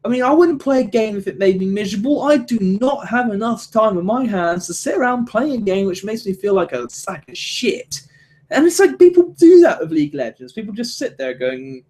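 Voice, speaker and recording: A man's voice: sits high, big pitch swings, a little fast, a little mellow. A man hosting a solo podcast, rambling and swearing, with many restarts. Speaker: podcast host. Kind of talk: solo casual podcast rant.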